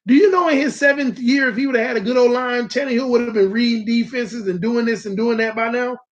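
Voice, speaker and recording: A man's voice: very high-pitched, steady tone, a little fast. A man hosting a casual live-stream sports talk show, talking animatedly and straight to his viewers. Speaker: sports channel host.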